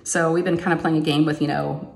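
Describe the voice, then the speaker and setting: Fast-talking and gravelly with a level tone, this woman is a crafting vlogger chatting while diamond painting. Her home craft room sounds echoey with faint noise, and she acts out quotes in a higher voice as she tells stories.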